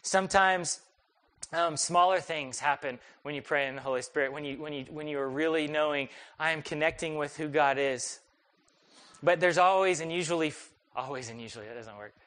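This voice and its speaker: A young man preaching a sermon, telling a personal story in a conversational, animated, self-deprecating way. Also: a little high, moderate pace, smooth. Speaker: pastor.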